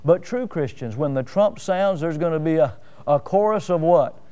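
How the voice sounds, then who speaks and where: High, smooth-voiced preacher man. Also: animated, normal speed, lo-fi sound. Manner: preaching with sudden loud rises and soft drops; folksy storytelling with fillers. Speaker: pastor. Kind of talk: sermon.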